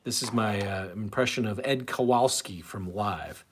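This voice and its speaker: A man's voice: on the low side, measured pace, breathy edge. A man in his late forties hosting a live stream, chatting casually in a rambling, self-interrupting way and answering chat. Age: late 40s.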